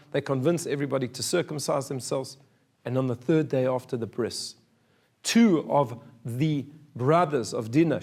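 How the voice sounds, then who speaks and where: A man's voice: fairly high pitch, darkish tone. A man, a rabbi, giving a sermon in an earnest, storytelling manner.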